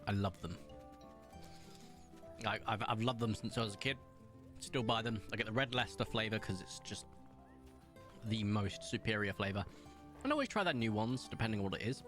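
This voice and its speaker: A man's voice: lowish voice, expressive, a little fast, long pauses, a bit bright, faint music behind. A young British man streaming live and chatting casually, rambling with lots of fillers and restarts.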